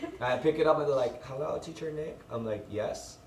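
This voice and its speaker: A man's voice: fairly high pitch, a little fast, darkish tone. A young man telling a casual story among friends, laughing as he goes and acting out what people said. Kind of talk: casual chat. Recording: roomy, distant mic, noisy background.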